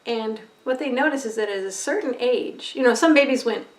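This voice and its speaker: A woman teaching a recorded lesson on empathy, expressive and conversational, often checking in with "right?". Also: on the high side, a little fast. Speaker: empathy educator. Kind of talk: recorded lecture video. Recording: roomy echo, voice from a distance.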